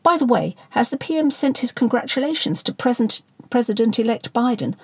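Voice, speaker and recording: A woman's voice: fairly high pitch, expressive, fairly quick, husky, voice pushed up. A woman narrator voicing a mild, conciliatory male government adviser in an audiobook. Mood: placating.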